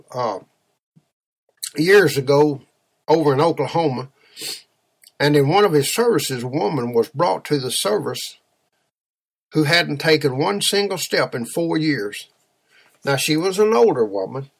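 Gravelly, husky preacher telling a story. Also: male voice, fairly high pitch, expressive, measured pace, long pauses. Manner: storytelling, emphatic, exhorting. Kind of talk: sermon.

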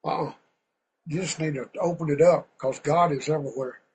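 Male preacher, high voice, folksy and fervent, bursts loud. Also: a little fast, slight background noise, rough recording. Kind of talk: sermon.

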